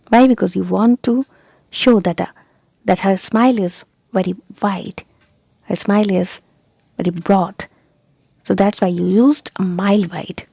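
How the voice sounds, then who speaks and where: A woman's voice: medium pitch, dark tone, no echo. A woman teaching a lesson, repeating key points and often asking whether the listener understood. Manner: repetitive, checks understanding with rhetorical questions. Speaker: English teacher. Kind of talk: explaining a lesson on a video channel.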